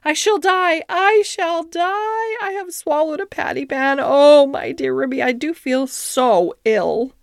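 Woman playing a genteel female dog, flustered, fussy, high voice, lively sing-song, dry close sound. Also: unhurried, no echo, exaggerated voice. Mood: distressed. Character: anxious, greedy, genteel female dog guest. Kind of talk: storybook reading.

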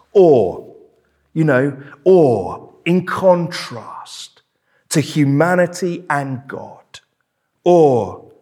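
Brief: pastor, husky, fairly high voice, emphatic sermon delivery in a church. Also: male voice, a little mellow. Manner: emphatic, repeats key words.

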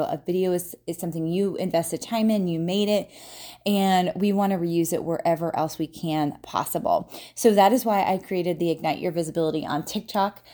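A woman's voice: lowish voice, dark tone. A woman hosting a solo podcast, talking casually with lots of fillers and "right?" tag questions. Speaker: podcast host, marketer and business owner.

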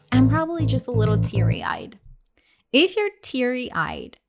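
A young adult woman explaining English expressions in a casual lesson, chatty, with many fillers and restarts. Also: medium pitch. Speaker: English teacher.

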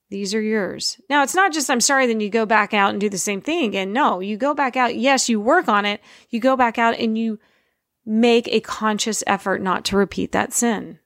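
A middle-aged woman speaks earnestly in a relaxed, conversational way about faith, leaning into key words by slowing down. Her voice has a gravelly, creaky edge. The sound is close and dry, with little room in it. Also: a little high, no echo. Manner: earnest, conversational, slows to stress points. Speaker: Christian speaker, parent. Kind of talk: informal faith talk.

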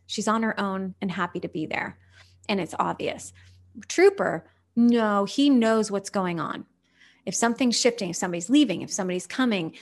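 A woman hosting a motivational podcast, who talks in an animated, emphatic way and fires direct rhetorical questions at her listeners. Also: mid-range voice. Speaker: podcast host.

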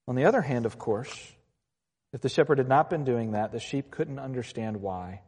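Pastor preaching in a reverberant hall. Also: male voice, medium pitch, normal speed, breathy edge. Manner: earnest, mixes quieter reflective lines with raised passages. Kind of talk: sermon.

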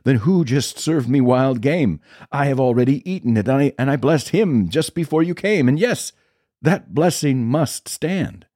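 A man voicing an old blind father who speaks in slow, solemn pronouncements. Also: low voice, lively intonation, warm tone, no room sound, clean studio sound. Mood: shaken.

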